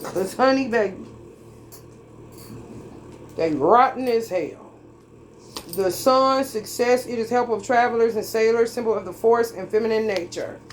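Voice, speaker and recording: Woman tarot reader, fairly high voice, preachy, profane, drawling, faint noise behind. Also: measured pace, pauses often. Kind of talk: tarot reading monologue.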